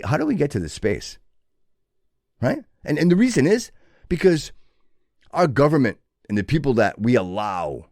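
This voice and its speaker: A man's voice: lowish voice, darkish tone, dry recording, clean studio sound. A man hosting his own show, delivering an impassioned motivational monologue with a preachy tone and frequent restarts. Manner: preachy, builds to fervent exhortation with many restarts. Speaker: show host.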